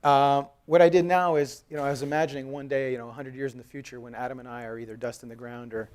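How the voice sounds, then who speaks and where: Fast-talking man giving a conference talk. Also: medium pitch. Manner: animated storytelling, acts out quoted dialogue; conversational, jokes with the audience. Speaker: conference speaker. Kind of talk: live conference presentation. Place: conference hall.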